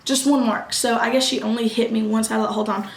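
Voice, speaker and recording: A young woman, telling a casual storytime vlog, animated and quick, acting out what others said. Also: fairly high pitch. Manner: animated, quick bursts, acts out quoted voices. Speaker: vlogger. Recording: echoey room.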